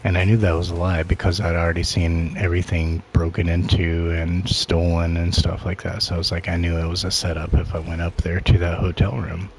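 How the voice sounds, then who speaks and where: A deep-voiced man recounts his own past in a loose, unpolished way. He leans on filler words constantly and often sinks into a quiet mutter. A faint hiss of noise sits under his voice. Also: flat delivery, brisk, few pauses. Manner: rambling, heavy use of filler words; low-key, often drops to a quiet mutter. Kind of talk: casual personal storytelling.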